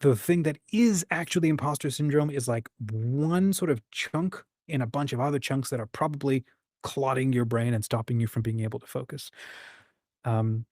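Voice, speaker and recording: Man, livestream host, husky voice, dry close sound, encouraging, casual chat. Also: mid-range voice, normal speed, darkish tone, no room sound. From United States. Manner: encouraging, thinks aloud, acts out quoted voices.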